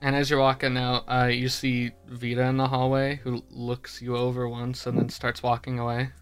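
A man's voice: mid-range voice, monotone, moderate pace, clean tone. A man running a tabletop game as game master, narrating loosely with filler words.

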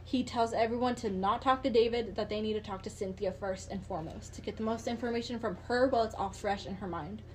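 A woman's voice: mid-range voice, fast talker, hardly any pauses, a little mellow, slight background noise, poor audio. A woman hosting a podcast, telling a true-crime story in a casual, chatty way, with swearing and lots of "like" and "um". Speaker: podcast host.

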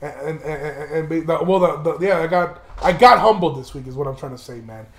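Rambling young man, high voice, echoey room. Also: fairly quick. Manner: rambling, many restarts, heavy casual swearing. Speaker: podcast host. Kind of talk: casual podcast monologue.

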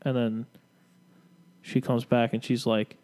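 A man's voice: medium pitch, flat delivery, takes it slowly, mellow. Man telling a story on a podcast. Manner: storytelling, acts out dialogue. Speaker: podcast co-host. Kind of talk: casual chat.

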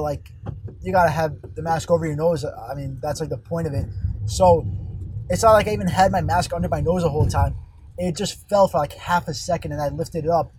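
A man's voice: a little high, darkish tone, poor audio. Profane young man ranting from his car. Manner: profane, exasperated, rambling. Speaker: fast-food worker. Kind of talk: profane storytime rant. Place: car on a highway. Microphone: phone. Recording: faint road noise in a car. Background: vehicle noise.

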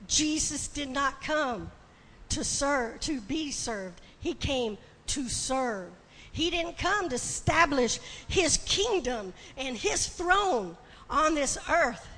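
A woman preaching a sermon with passion, building to shouting and tearful cries. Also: high voice, animated, slow. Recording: long hall reverb, faint ambience.

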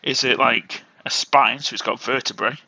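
Dry-witted co-host, lo-fi sound. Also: male voice, medium pitch, steady tone, normal speed, vocal fry, sharp tone, slightly rough. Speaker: podcast co-host. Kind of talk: casual banter podcast. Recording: dull lo-fi sound.

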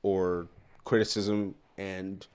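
A man's voice: low voice, level tone, slow pace, darkish tone, clear, resonant tone. A young man of Nigerian origin, a guest in a casual podcast chat, playful and teasing, often restarting his words.

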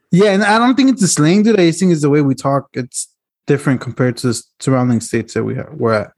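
A man's voice: fairly high pitch, fairly quick, darkish tone. A man from the Chicago area co-hosting a podcast, joking and swearing through casual banter. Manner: joking, profane, laughs often. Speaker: podcast co-host.

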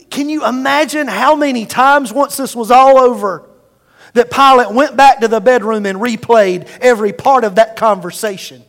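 A man's voice: extremely high pitch, a bit bright, long reverb tail. A male pastor preaching a sermon with emphatic delivery, calling out to the congregation for responses.

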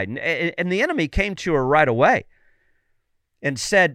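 A male preacher delivering a fervent sermon, rising to loud, emphatic calls and asking listeners for amens. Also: fairly high pitch, very animated, moderate pace, dry recording, clean studio sound.

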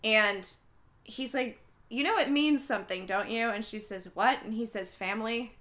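Recapping a film on a podcast, a young woman chats casually at a moderate pace. She makes the retelling animated by acting out the characters' lines with lively jumps in pitch.

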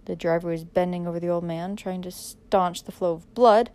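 Lower-voiced woman reading a dramatic story. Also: fairly even intonation, moderate pace, dark tone, smooth. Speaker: audiobook narrator. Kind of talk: dramatic audiobook narration.

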